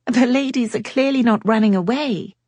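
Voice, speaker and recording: Clever young lady, voiced by a woman narrator; lively lines, slightly breathy, dry close sound. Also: a little high, moderate pace, no echo, voice pushed up, lightly acted. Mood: amused. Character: young English lady, quick-witted and warm.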